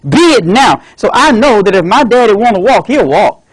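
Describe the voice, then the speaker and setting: A man's voice: high voice, lively intonation, moderate pace, slightly rough, dry recording, rough recording. Upbeat emphatic man giving a speech. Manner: emphatic, upbeat, repeats motivational lines. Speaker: club speaker. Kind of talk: dramatic storytelling speech. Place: club meeting room.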